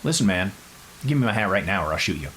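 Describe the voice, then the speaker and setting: Low, cool-headed gunman issuing blunt threats, read by a storyteller. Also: big pitch swings, quick pace, fairly bright tone, a little hiss or hum. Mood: menacing.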